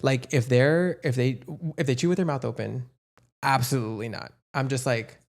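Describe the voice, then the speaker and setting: A man's voice: mid-range voice, moderate pace, gravelly. A man co-hosting a podcast, chatting casually and expressively, often stammering and restarting. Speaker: podcast co-host. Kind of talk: casual chat.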